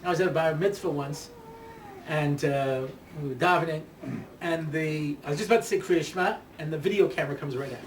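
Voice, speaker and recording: A man with a high voice lectures in a loose, joking way, checking in with his listeners and chuckling at his own stories. He is recorded from a distance in an echoey room. A faint hiss sits under his voice. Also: brisk. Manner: chatty, checks in with "yeah?" and "you know"; laughs at his own jokes. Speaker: speaker giving a Torah talk. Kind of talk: lecture with anecdotes and jokes. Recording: echoey room, mic far off, faint noise.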